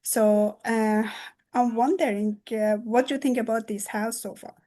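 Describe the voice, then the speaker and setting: A woman real estate agent practicing a sales pitch in a role play, halting and pausing often. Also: fairly even intonation, dark tone. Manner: halting, with many "uh" pauses.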